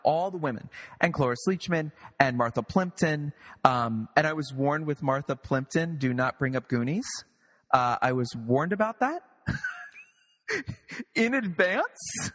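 A man who is a playwright and director, guest in a casual interview, telling lively anecdotes with some swearing and acting out other people's lines. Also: medium pitch, measured pace, big-room sound. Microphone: video call.

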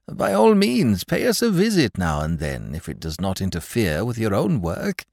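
A man's voice: fairly low pitch, huge pitch swings, normal speed, gravelly, a little mellow, no echo, clean studio sound, full character voice. A man voicing a kindly, eager older bank clerk who stammers and hesitates with nervous fillers. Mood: flustered.

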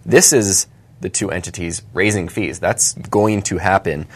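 A man's voice: low-pitched, a little slow. A man co-hosting a casual finance chat show, upbeat and optimistic in his takes. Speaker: podcast co-host.

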